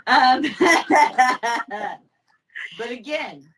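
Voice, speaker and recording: A woman's voice: high voice, expressive, drawn-out words, far from the mic, a crowd in the background, poor audio. A woman co-hosting a casual podcast, swearing freely and giddy with laughter as she leads the topic. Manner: profane, giddy, dissolving into laughter. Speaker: podcast co-host presenting the topic.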